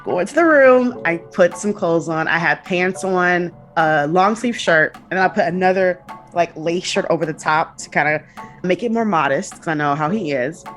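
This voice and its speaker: Young woman, fairly low voice, chatty and animated, acts out what people said, music faint under it. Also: moderate pace. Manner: animated, acts out quotes with laughs and swearing. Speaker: guest. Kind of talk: casual storytelling.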